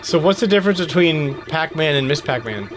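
A man's voice: a little high, lively intonation, fairly quick, noisy background. A man co-hosting a casual show, teasing his partner and joking while they take turns at an arcade game. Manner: teasing, joking, cheering during play. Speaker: podcast co-host. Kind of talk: casual chat while gaming.

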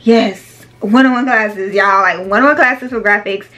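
A woman's voice: mid-range voice, normal speed, pushed and bright. A woman running a small business, chatting casually to her viewers, calling them "y'all" and "baby". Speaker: small business owner and vlogger.

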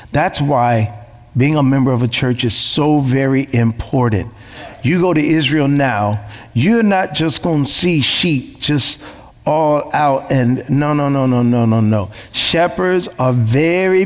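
A man's voice: on the high side, in a large hall. A man preaching a sermon as pastor, emphatic, repeating phrases and asking rhetorical questions.

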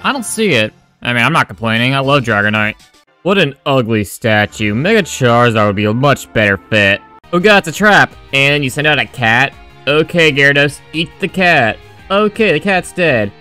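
A man's voice: medium pitch, animated, normal speed, pushed and bright, clean tone, faint music behind. A man giving sarcastic, crude, joking commentary over his game playthrough. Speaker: gaming video creator.

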